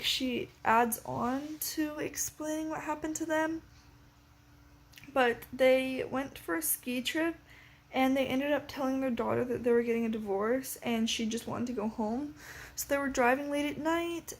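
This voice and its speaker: A teenage girl talking casually in a reading vlog, rambling and excitable with lots of filler words. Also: high voice. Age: teens. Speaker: vlogger.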